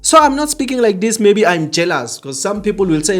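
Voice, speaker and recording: A man's voice: high-pitched, sing-song, a little fast, few pauses, a bit bright, faint music behind. A man hosting an opinionated commentary monologue, talking earnestly and repetitively straight to his viewers. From South Africa. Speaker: commentary channel host.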